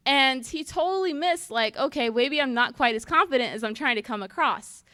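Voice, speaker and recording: A fairly high-voiced woman giving a teaching talk at church. She speaks in an easy, conversational way and slips into short acted-out exchanges to make her points. The sound is dry and close. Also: a little fast, bright, forceful tone, clean tone, no echo. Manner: conversational, acts out little dialogues.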